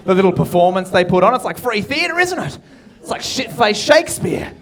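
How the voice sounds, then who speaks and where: Young aussie guy doing crowd work on a club stage, kinda high voice, cheeky and sweary. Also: sing-song, fairly quick, fairly bright tone. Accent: Australian. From Australia. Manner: cheeky, profane banter with the crowd. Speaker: stand-up comedian and MC. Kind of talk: stand-up comedy crowd work.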